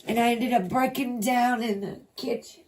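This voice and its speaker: A woman hosting a spiritual healing livestream, talking slowly and reflectively with her viewers. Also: a little high, fairly even intonation, darkish tone, a little hiss or hum. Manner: slow, reflective, talks to chat and to herself. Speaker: spiritual healing channel host.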